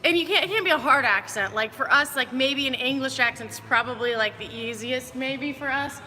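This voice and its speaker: A woman's voice: high-pitched, normal speed, bright, forceful tone, in a large hall, soft background music. A woman fitness coach giving upbeat, chatty movement cues during a live workout.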